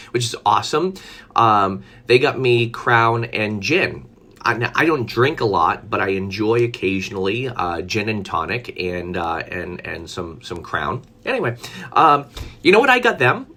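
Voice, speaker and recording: A man's voice: medium pitch, pushed and bright. A man telling a story in a casual live stream, chatty, with frequent laughter, fillers and restarts. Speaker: vlogger.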